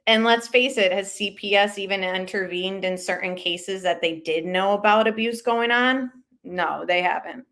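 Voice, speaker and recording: Hosting her commentary channel live, a woman speaks at a moderate pace with few pauses in a middle-pitched voice. She's casual and talkative, offering her views and reacting to viewer comments by reading them out as they come in.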